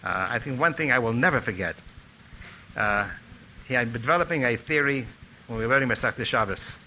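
A man's voice: mid-range voice, fairly quick, slight background noise, low-quality recording. An older man telling anecdotes about his former teacher in a reminiscing speech. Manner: storytelling, animated when quoting others. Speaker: former student giving a tribute talk.

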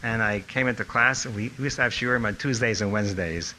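An older man telling animated stories about a teacher from his student days. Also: lowish voice, fast, slight background noise, poor audio. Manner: animated storytelling, acting out quotes. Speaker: speaker recalling a teacher. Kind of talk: anecdotal reminiscence.

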